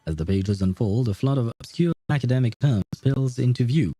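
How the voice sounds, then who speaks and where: Game streamer, man, dark mellow voice, lively pitch, chatty with laughs, lozenge in his mouth. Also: fairly quick, no room sound, faint music behind. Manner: chatty, laughs and restarts words. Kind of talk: reading game dialogue aloud with commentary.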